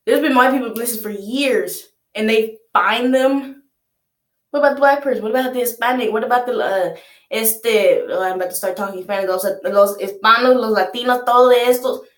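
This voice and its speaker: A woman's voice: a little high, a little fast. Chatty young woman reacting in an echoey room. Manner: chatty, laughs often, rhetorical questions. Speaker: reaction video host. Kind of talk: casual reaction commentary.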